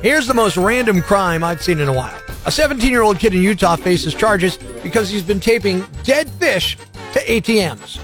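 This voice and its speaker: A man's voice: high-pitched, animated, moderate pace, a bit bright, soft background music. A man hosting a morning radio show, talking in a brash, mocking, sarcastic way. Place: radio studio.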